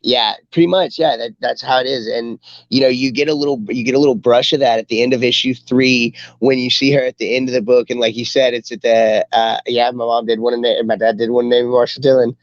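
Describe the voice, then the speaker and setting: Man, podcast co-host, casual enthusiastic chat, mid-pitched, muffled mic. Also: fairly even intonation, a little fast, few pauses, dry recording. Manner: enthusiastic, rambling retelling. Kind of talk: casual chat reviewing comics.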